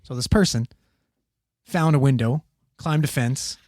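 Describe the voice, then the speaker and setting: A man telling a long, profane story in casual podcast chat, animated and acting out the quotes. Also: mid-range voice, measured pace, no echo, clean studio sound.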